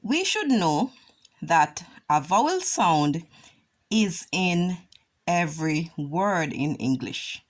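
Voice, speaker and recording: Slow, lively-voiced reading teacher woman. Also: fairly low pitch. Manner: slow, deliberate, drawn-out vowel sounds. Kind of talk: children's phonics lesson.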